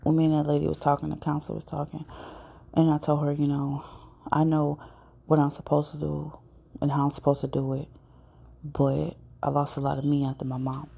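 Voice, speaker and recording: Woman, podcast host, casual monologue, blunt and profane, dark mellow voice, gravelly. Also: deep voice, monotone, a little fast.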